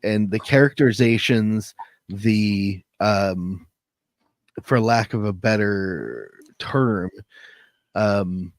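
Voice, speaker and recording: A man with a lowish voice talks through his thoughts on a podcast, pausing with fillers as he looks for the right word. The sound is dry and close, with no room around it. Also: animated, no echo. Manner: thoughtful, searching for words with fillers. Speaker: editor and literary coach. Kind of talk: casual podcast chat.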